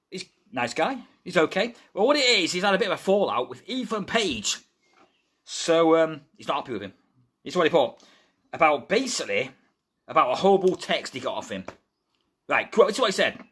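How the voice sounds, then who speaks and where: A chatty man hosts a live wrestling news stream from home, calling his viewers "guys" and getting excited over every story. His voice is bright and forward, with a pitch that swings up and down a lot. He is feverish, but he keeps the talk going. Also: husky. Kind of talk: casual wrestling news chat.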